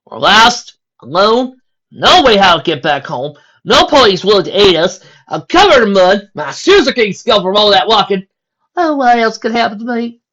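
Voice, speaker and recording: Lady reading as a fussy prim girl, squeaky high and dramatic, swings all over. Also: sing-song, brisk, hardly any pauses, highs cut off. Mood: distraught. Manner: high, shrill, theatrical complaining. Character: fussy, dramatic young woman with prim manners.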